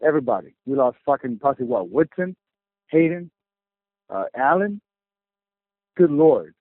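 A man's voice: mid-range voice, big pitch swings, dry recording. Angry male caller, profane rant, thin phone sound, dry. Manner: furious, profane, fast venting. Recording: tinny phone line.

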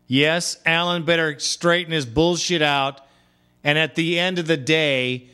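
Male call-in host, slightly high voice, blunt and buddy-buddy. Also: fairly bright tone, clean tone. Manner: blunt, chummy, calls callers brother. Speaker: podcast host. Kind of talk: casual call-in show hosting.

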